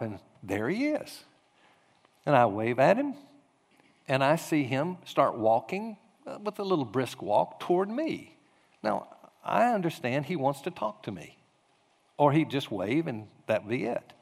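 A male pastor giving a conversational sermon, telling a story and acting out the quotes. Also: medium pitch. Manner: storytelling with animated acted-out quotes. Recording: echoey hall reverb.

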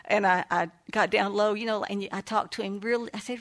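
A woman's voice: medium pitch, fairly quick, hardly any pauses. An older woman, a grandmother and counselor, telling a family story in a chatty way, laughing often and acting out what people said. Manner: warm, chatty, laughs often and acts out quoted voices. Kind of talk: casual storytelling talk.

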